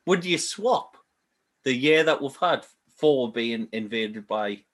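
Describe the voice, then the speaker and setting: A man's voice: medium pitch, animated, slow pace, fairly bright tone. A man in casual chat, easygoing, often asking his friend to agree with him. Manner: easygoing, asks for agreement with tag questions. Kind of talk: casual chat reviewing an old puppet show.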